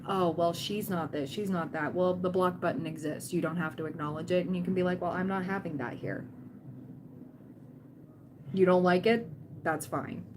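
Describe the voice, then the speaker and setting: Woman, tarot livestream host, casual chatty encouragement, faint background hiss. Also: lowish voice. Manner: chatty, encouraging, quotes people in playful voices.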